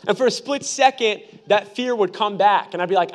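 High-voiced young man preaching with humor. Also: fairly quick, hardly any pauses. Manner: animated, humorous, conversational preaching. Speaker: pastor. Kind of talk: sermon with personal storytelling.

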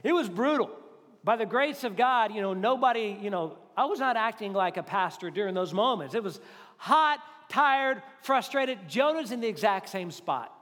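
A male pastor preaching a conversational, animated sermon to a congregation, acting out quotes as he goes. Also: sits high, normal speed. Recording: reverberant hall.

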